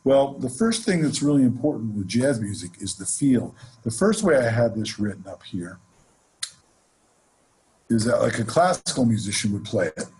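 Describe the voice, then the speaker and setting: A man gives a jazz lesson, explaining scales in an easy, relaxed way. His voice is very smooth and resonant at a middle pitch, and he counts off the beats before each example. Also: moderate pace. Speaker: jazz music teacher. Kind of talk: instructional lesson with playing examples.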